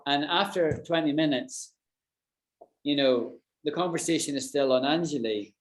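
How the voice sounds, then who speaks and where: British male English tutor, slightly high voice, chatty explainer on an echoey video call. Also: moderate pace. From Britain. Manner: chatty, explains with examples and checks understanding. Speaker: English teacher. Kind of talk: online English lesson with students.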